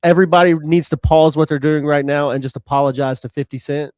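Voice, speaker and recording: A man's voice: on the high side, level tone, quick pace, darkish tone, no echo, studio quality. A man co-hosting a podcast, chatting casually in a laid-back, joking way. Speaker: podcast co-host. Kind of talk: casual chat.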